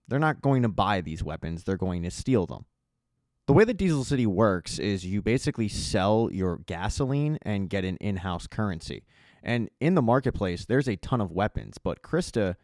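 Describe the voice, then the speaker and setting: Man, casual recap narration, conversational storytelling, low voice, dry sound. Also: a little mellow, no echo. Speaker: TV recap YouTuber.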